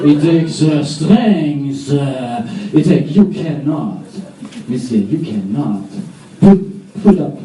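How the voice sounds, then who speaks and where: A man's voice: medium pitch, mellow. A man voicing a haughty Frenchman with a French accent, who boasts in a pompous, mock-grand way that his craft is an art form. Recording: echoey club, distant mic, audience.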